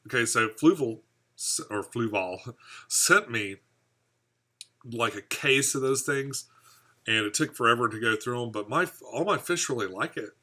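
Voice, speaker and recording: A man from the United States hosts a casual live stream for his aquarium hobby channel, rambling and chatting as he responds to viewer comments. His medium-pitched voice is animated yet unhurried, bright and forceful.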